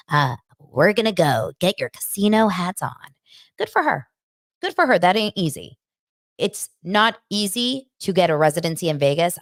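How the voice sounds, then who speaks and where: Chatty low-voiced woman host. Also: no room sound, studio quality. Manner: chatty, animated, breaks into quick imitations. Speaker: podcast host recapping reality TV. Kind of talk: casual chat.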